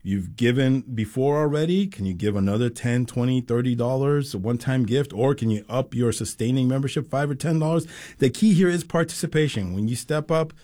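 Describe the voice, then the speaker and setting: A man's voice: mid-range voice, fairly quick, mellow. A man hosting a public radio pledge drive, upbeat and persuasive. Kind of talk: pledge drive on-air appeal.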